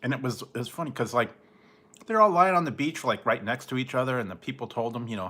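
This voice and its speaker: Male streamer, loose chatty ramble, quick to laugh. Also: mid-range voice, sing-song, sharp tone. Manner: rambling, laughs often, mimics people in goofy voices. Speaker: livestream host. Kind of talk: casual late-night livestream chat.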